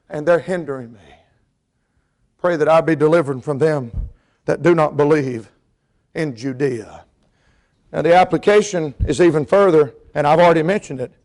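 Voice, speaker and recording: A middle-aged man from the mountains of North Carolina, preaching a sermon and telling stories, dropping quiet and then hollering. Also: high voice. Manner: storytelling, swings from quiet to hollering. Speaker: pastor and missionary.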